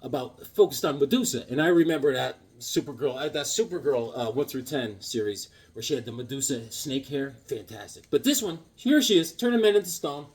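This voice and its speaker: A man's voice: medium pitch, expressive, a little fast, few pauses, breathy edge. A man chatting casually about his comic books, rambling and enthusiastic with jokes. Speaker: comic book vlogger. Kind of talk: casual comic collection chat.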